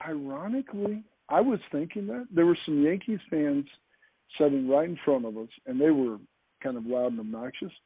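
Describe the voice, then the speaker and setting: A man's voice: fairly high pitch, moderate pace, slightly rough, no echo. A man telling an anecdote with enthusiasm, often restarting his sentences, heard over a call. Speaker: podcast speaker. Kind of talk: animated anecdotal storytelling. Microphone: call line. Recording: tinny phone-like call audio.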